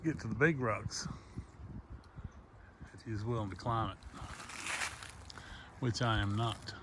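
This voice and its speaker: This hiker's voice sits fairly low and moves at a slow pace as he narrates a casual vlog on the phone he's holding. Slightly winded on the hillside, he chats folksily about the landmarks spread out beneath him, with noise in the outdoor recording.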